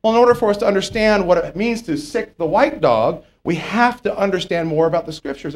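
A man preaching a sermon in a conversational way, often checking in with his listeners and swinging between loud and soft. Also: a little high.

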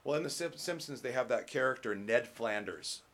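A man preaching a sermon as pastor, emphatic and rising loud on key points, with conversational asides and fillers. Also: medium pitch, lively intonation, normal speed.

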